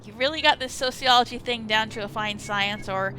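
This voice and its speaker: A woman's voice: fairly high pitch, fairly quick, bright, forceful tone, slight background noise, rough recording. A woman voicing a guarded young androgynous woman who answers curtly and dryly, reading a visual novel aloud.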